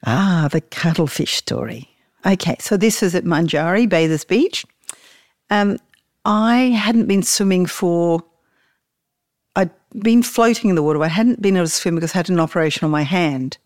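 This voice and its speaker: A woman's voice: on the low side, moderate pace, a little mellow, no room sound, clean studio sound. A woman, casually telling a story about snorkelling and laughing often as she talks.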